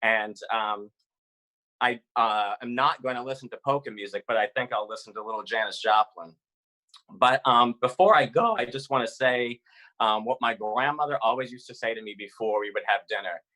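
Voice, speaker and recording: A man from Massachusetts telling a personal story live over a video call, animated and chatty with fillers. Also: mid-range voice, moderate pace, low-quality recording.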